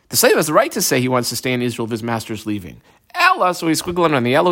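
A man's voice: mid-range voice, a bit bright. Man teaching Talmud line by line. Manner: reads each Aramaic phrase, then translates and explains it; calls out his page markings as he goes.

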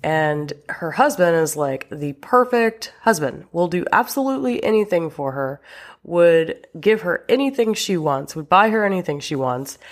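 A woman with a low, deep voice hosts her own podcast as a relationship coach. She talks straight to her listeners in a frank, chatty way and lets a casual swear word slip in now and then. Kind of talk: casual solo podcast talk.

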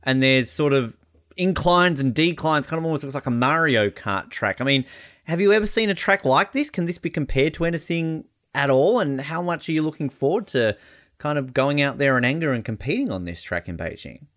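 A man's voice: a little high, lively intonation, fairly quick, a bit bright, no room sound, clean studio sound. A man with an Australian accent hosting a sports podcast, talking in an enthusiastic, conversational way. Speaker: podcast host. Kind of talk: podcast interview and narration.

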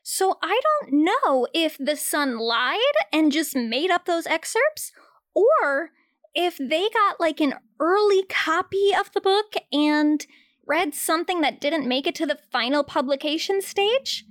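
A woman's voice: very high-pitched, lively intonation, unhurried, fairly bright tone, no room sound, studio quality. A young woman giving casual commentary on a film, blunt and sarcastic, with casual swearing.

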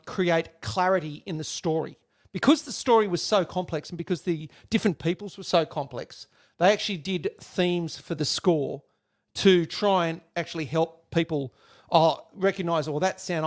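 A man co-hosting a relaxed movie podcast, talking in a chatty, easygoing way and laughing often. His voice sits a little high for a man. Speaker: podcast co-host. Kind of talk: casual film podcast chat.

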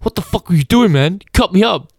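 A man voicing a furious, swearing male driver who shouts insults. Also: lively intonation, fast, breathy edge, dry recording, clean studio sound, heavily acted. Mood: enraged. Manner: shouting, abusive, high-pitched.

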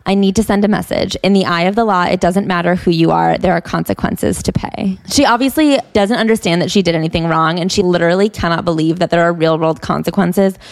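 A woman's voice: lowish voice, brisk, vocal fry, few pauses, no room sound. A young woman co-hosting a podcast, reading passages aloud and making dry, mocking remarks. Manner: dry, mocking, reads quotes flatly. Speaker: podcast co-host. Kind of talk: casual chat reading from a book.

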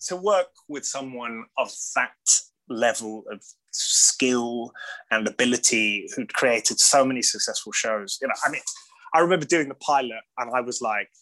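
A man's voice: medium pitch, expressive, moderate pace, sharp tone, low-quality recording. An English man being interviewed as an actor, talking in a rambling, casual way with lots of "like", restarts and laughter. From Britain. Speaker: actor guest.

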